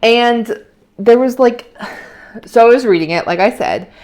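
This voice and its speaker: A woman's voice: fairly high pitch, unhurried, darkish tone. A young adult woman vlogging in casual chat, rambling and opinionated, with many fillers and restarts.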